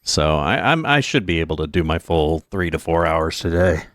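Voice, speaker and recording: A low-voiced man streaming a retro game, talking casually and wandering off into side chatter with plenty of ums and uhs. His nose sounds a little stuffed up from allergies, and his close mic sounds dry with no room around it. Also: animated, moderate pace, fairly bright tone, no room sound. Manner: rambling, chatty, many fillers and asides. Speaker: streamer and host. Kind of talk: casual let's-play commentary.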